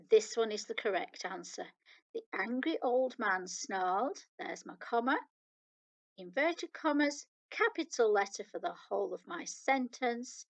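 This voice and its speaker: A woman's voice: medium pitch, vocal fry, low-quality recording. A woman primary school teacher with a British accent, patiently reading example sentences aloud in a recorded online lesson for children. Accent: British English.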